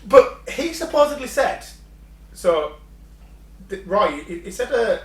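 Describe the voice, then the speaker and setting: A man's voice: high-pitched, very animated, measured pace, far from the mic. A man co-hosting a casual podcast, telling a story and swearing, acting out quotes. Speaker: podcast co-host. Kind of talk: casual chat. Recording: echoey room, set back from the mic.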